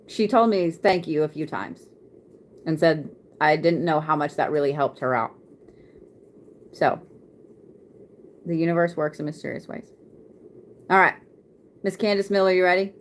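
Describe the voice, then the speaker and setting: A woman's voice: fairly low pitch, a little slow, long pauses. A woman, chatting casually on a live stream as a card reader, laughing often and swearing freely.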